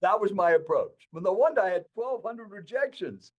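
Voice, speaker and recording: An older professional speaker with a high-pitched voice shares a personal story as a podcast guest, at a moderate pace and with lo-fi sound. He's an animated storyteller who speaks straight to the listener.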